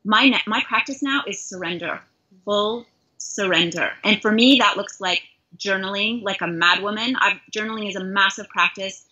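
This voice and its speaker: A middle-aged Canadian life coach speaks earnestly and self-reflectively in an interview, her heartfelt words carried by a husky, mid-range voice that sounds bright and forceful. She talks at normal speed, captured in a dull lo-fi recording.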